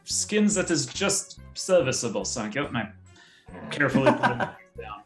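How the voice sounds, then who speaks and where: A male player who speaks sternly in character and stumbles over his words. His voice sits at a middling pitch and carries a roomy echo. Faint music plays behind him. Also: sing-song, normal speed. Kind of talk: in-character tabletop role-play.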